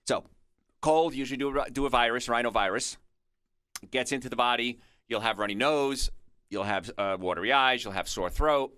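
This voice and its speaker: A man's voice: mid-range voice, normal speed, bright, forceful tone, clean tone, no echo. A man hosting a radio health show, explaining in a chatty way and drifting into stories and asides, recorded on a studio microphone. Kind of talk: conversational radio health talk.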